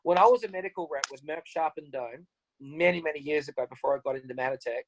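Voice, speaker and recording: A man's voice: on the high side, fast talker, vocal fry, a little hiss or hum, poor audio. An Australian man speaking on a video call, telling stories in an upbeat way and acting out conversations. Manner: upbeat, animated, acts out conversations. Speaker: guest speaker. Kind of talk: motivational storytelling on a video call.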